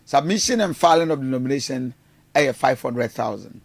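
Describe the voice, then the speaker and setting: A man's voice: mid-range voice, lively intonation, normal speed, vocal fry. A man hosting a radio show, talking through the news with frequent fillers and switching between English and Twi. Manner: mixes Twi into English, many fillers and restarts. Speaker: radio host. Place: radio studio.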